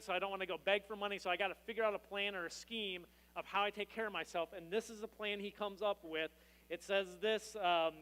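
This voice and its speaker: A male pastor preaching a sermon in a high, bright voice, relaxed and conversational. He tells a story with quick asides. The sound carries a long reverb from a church hall. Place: church sanctuary.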